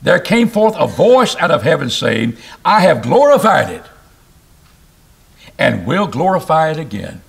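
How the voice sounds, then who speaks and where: A man preaching an expository sermon, reading scripture aloud and explaining it, with emphatic rises and sudden low drops. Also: gravelly. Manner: animated, rising to emphatic bursts and dropping low.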